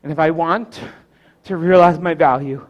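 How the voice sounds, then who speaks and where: A man, the pastor, preaching a storytelling sermon, swinging from loud to hushed and slowing down for emphatic pauses. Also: fairly high pitch, steady tone.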